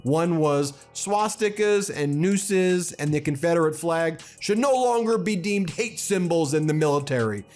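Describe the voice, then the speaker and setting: Man, political commentator, indignant, impassioned, fairly high voice. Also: lively intonation, measured pace, hardly any pauses, a little mellow, soft background music.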